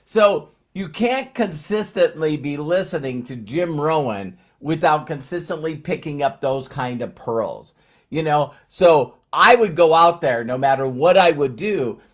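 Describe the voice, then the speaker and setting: Man in his sixties, motivational speaker, slightly high voice, chatty with fillers, slows down to stress points. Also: animated. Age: 60s. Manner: conversational, fillers and slowed emphasis. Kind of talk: casual motivational talk.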